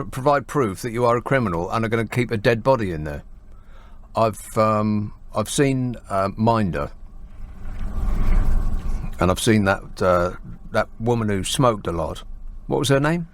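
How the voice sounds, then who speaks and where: Man, radio phone-in host, sardonic, mocking asides, casual banter. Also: medium pitch. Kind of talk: late-night talk radio banter.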